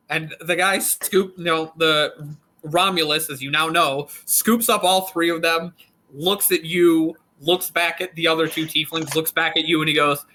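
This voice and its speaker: A man's voice: a little high, sharp tone, low-quality recording. A man narrating a tabletop game as game master, in a loose, joking way with frequent laughs.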